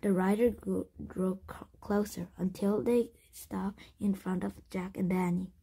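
A woman reading a children's chapter book aloud, breathy and often whispered, with frequent slips and restarts. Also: medium pitch, fairly even intonation, a little slow, mellow. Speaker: story reader.

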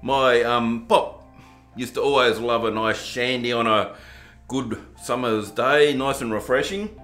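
In a steady, fairly bright mid-range voice at a measured pace, an Australian-accented man from southern Tasmania casually reviews drinks for his home video channel. His manner is chatty and self-mocking, jokingly overplaying the posh act. There's a roomy echo and some faint background music.

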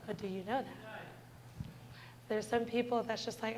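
Woman, 20s, church testimony, slightly high and even voice, sincere and direct with the congregation. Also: normal speed, slight background noise, low-quality recording. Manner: earnest, heartfelt storytelling that addresses the congregation directly. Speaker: church speaker giving a testimony. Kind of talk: personal testimony in a church service.

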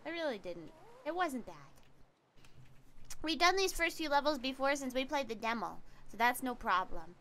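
A woman streaming a game, chatting excitably, giggling and swearing, her throat a little scratchy today. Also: high-pitched, normal speed. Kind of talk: casual game-stream chat.

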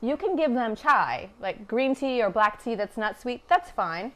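A woman from Afghanistan hosts a casual cooking livestream from her home kitchen, chatty and wry with a teasing sense of humor. Her voice is a little high, expressive and a bit bright, and she speaks a little slowly.

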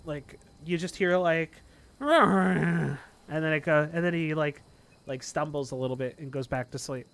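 A man's voice: on the high side, normal speed. A man running a tabletop game as game master, narrating loosely with lots of fillers. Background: faint background music.

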